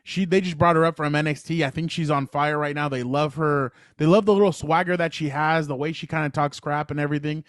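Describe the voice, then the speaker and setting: A man co-hosting a casual sports podcast, talking excitedly and rambling as he retells matches. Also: fairly high pitch, fairly quick, hardly any pauses, no echo, clean studio sound. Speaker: podcast co-host.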